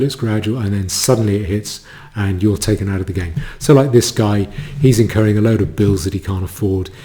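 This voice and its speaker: A man giving a solo commentary monologue, halting, with many stammered restarts. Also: on the low side, mellow.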